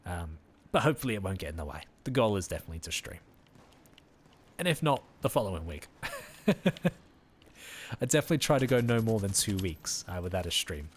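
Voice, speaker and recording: A man's voice: deep voice, expressive, a little fast, pauses often. A tired man chatting casually with viewers while streaming a game, easygoing and friendly. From Australia. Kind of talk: casual live-stream chat.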